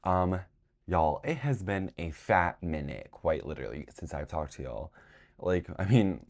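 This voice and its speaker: A tired young man hosting a casual vlog, chatty and dramatic, swinging between drained sighs and excited squeals. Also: low-pitched, a little slow. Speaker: vlog host.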